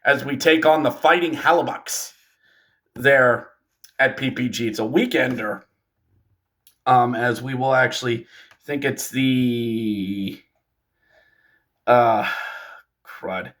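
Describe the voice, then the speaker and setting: A man hosting a casual hockey recap video, animated and joking, talking straight to fellow fans. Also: mid-range voice, slow, long pauses. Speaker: hockey fan video host. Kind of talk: casual game recap commentary.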